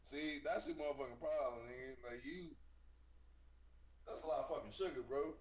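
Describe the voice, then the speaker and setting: A man's voice: on the high side, normal speed. A man co-hosting a casual chat, teasing bluntly and swearing freely.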